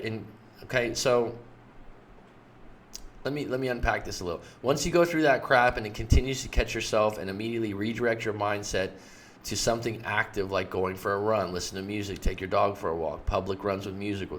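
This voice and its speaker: Guy coach breaking down relationship stuff, kinda low voice, straight talk. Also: fairly quick, a bit bright, slight background noise. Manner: plain-spoken, talks the listener through example texts. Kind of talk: explanatory talk.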